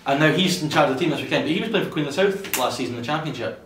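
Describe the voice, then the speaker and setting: A man's voice: fairly high pitch, lively intonation, rapid-fire, a bit bright, recorded from a distance. A young Scottish man co-hosting a casual football podcast, blunt and swearing casually. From Scotland. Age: young adult. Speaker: podcast co-host. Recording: roomy, off-mic with faint hiss.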